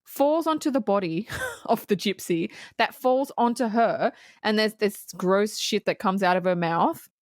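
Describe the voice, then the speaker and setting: A woman co-hosting a casual movie review podcast, cursing freely, laughing often and acting out scenes in quick voices. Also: mid-range voice, no echo, studio quality. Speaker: podcast co-host.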